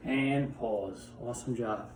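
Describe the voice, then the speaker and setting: A man's voice: medium pitch, slow, a little mellow, echoey room, a little hiss or hum. A man teaching a physical education class, coaching exercises while working out himself and often out of breath. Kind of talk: home workout class.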